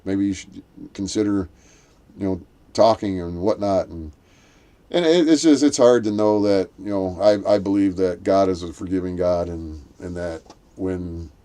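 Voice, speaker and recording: A man in casual chat, telling a rambling story with many restarts and acting out quoted voices. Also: mellow. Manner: acts out quoted voices in a raised pitch.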